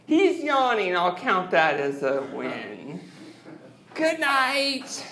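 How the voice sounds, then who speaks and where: A man doing an awkward, self-deprecating open-mic stand-up set into a handheld mic on a club stage, leaving long pauses. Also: high voice, wildly swooping pitch, bright, forceful tone. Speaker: stand-up comedian. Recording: roomy club sound.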